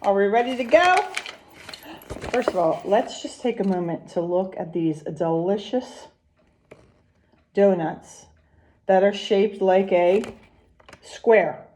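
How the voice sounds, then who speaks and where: A woman preschool teacher leading a recorded lesson and read-aloud, gentle and sing-song, asking the children questions. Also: medium pitch, slow pace, pauses often, slight background noise.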